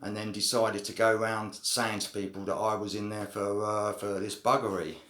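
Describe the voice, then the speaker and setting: A man's voice: fairly low pitch, flat delivery, normal speed, a bit bright. A man telling a story to camera in a casual, rambling way, full of slang and swearing. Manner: rambling, slangy, swears, frequent "you know what I mean" fillers. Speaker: vlogger telling a prison story. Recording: roomy echo.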